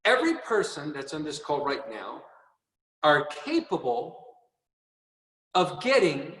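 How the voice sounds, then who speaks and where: A man gives a motivational talk to his team over a video call, earnest and repetitive and quick to laugh at his own jokes. His voice sits a little high for a man. It sounds roomy, with a long tail of reverb, as if he sits back from the mic. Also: pushed and bright, far from the mic. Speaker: company chairman. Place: training room.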